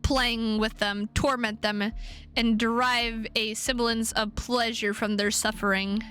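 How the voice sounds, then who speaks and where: A woman's voice: a little high, level tone, takes it slowly, bright, forceful tone, clean tone, soft background music. A woman reading a courteous werewolf hunter. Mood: measured. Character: calm formal male werewolf hunter, polite.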